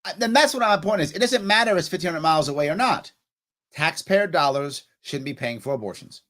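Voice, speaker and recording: A man's voice: on the high side, animated, a little fast, fairly bright tone. A male show host giving heated, scolding political commentary in an impassioned, repetitive way.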